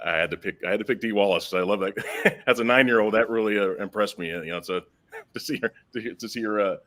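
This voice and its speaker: A man in his fifties with a very low voice talks in a loose, halting way. He repeats himself as he feels for the next phrase, like someone chatting among friends. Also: a bit bright. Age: 50s. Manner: halting, repeats words while searching. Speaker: panel guest. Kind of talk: casual group chat.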